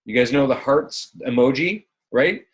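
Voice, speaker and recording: Husky upbeat male coach. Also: medium pitch, expressive, unhurried. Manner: upbeat, chatty, addresses listeners as guys. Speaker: fitness business coach. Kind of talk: live online coaching call.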